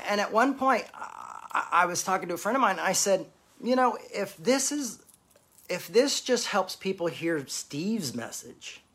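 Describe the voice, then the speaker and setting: A man in his forties candidly telling a personal story, rambling and halting with many fillers and restarts. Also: fairly high pitch, fairly bright tone. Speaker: speaker sharing a personal story.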